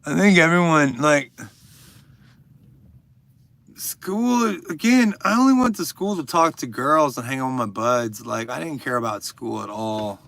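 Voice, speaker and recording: A man in his thirties with a slightly high, gravelly voice, chatting live with viewers and calling them out by name. He jokes crudely and rambles on, and the sound is close and dry. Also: expressive, measured pace, a bit bright, no room sound. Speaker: livestream host. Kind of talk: casual chat reading viewer comments.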